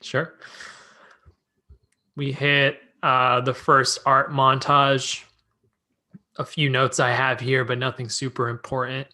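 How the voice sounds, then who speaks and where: A man's voice: medium pitch, takes it slowly, long pauses. A man hosting a casual chat, reading through his notes on a skate video and cracking jokes. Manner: relaxed, jokey, reads from notes. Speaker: podcast host.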